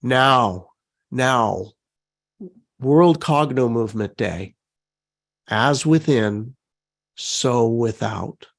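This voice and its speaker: A man leading a guided live online session, gently coaxing his listeners, repeating prompts and reading out their chat comments. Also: mid-range voice, lively intonation, drawn-out words, creaky, pauses often. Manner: reads out chat comments warmly. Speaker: session facilitator.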